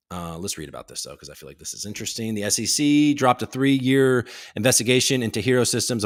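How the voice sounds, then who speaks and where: Guy hosting a chill live news stream, reads headlines out and cracks jokes, average pitch. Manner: reads headlines aloud with joking asides. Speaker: host. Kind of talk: casual livestream news commentary.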